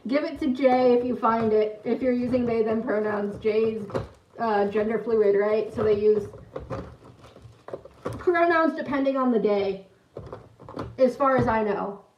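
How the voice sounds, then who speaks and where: Slightly high and a bit mellow, a young woman's voice carries a little hiss or hum. She livestreams a giggly, rambling story and greets viewers in chat, recorded in an echoey room with a faraway mic and dull lo-fi quality.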